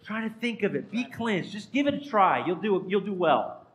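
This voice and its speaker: A man's voice: high-pitched, very animated, moderate pace, poor audio. A man, a pastor, giving an interactive sermon in a church and quizzing the congregation by name in a playful way. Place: church sanctuary.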